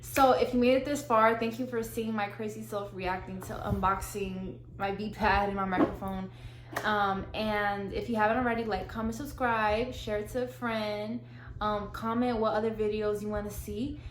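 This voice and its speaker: A woman's voice: medium pitch, fairly even intonation, normal speed. A young woman, gushing and slangy as she unboxes gear in a casual vlog. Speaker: vlogger. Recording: echoey room, faint hiss.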